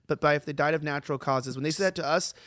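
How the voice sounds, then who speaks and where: A man co-hosting a podcast, rattling along quickly in loose, casual chat. His voice sits a touch high, with restarts tumbling over each other, recorded close and dry. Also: fairly bright tone, no echo. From Australia. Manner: fast, loose talk with many restarts. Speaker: co-host.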